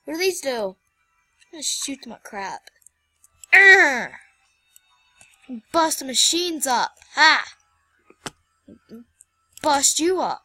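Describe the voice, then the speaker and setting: A woman's voice: sits high, sharp tone, no echo. A young woman hosting a casual let's-play, flustered and exclaiming as she plays. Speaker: gameplay channel host.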